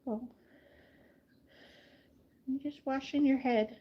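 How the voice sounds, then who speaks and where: A woman gently talking baby talk to her hen while bathing it, cooing and making little beeping noises. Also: high-pitched, fairly even intonation, slow, breathy edge, highs cut off. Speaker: backyard farmer caring for a hen. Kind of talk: casual talk to an animal.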